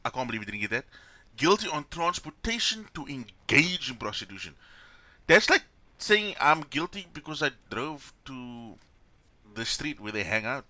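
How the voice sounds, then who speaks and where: A man's voice: mid-range voice, bright, forceful tone, no room sound. A man streaming, casually reacting to a news broadcast with wry, joking asides.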